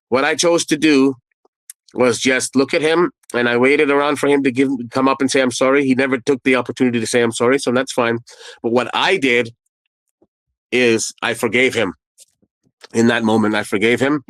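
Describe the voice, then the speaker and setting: A man in his forties tells a personal story as a guest. He talks candidly in a rambling, conversational way, with asides and restarts. His voice sits at an everyday middle pitch, and the recording is dry and close. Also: fairly bright tone, dry recording, rough recording. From Canada.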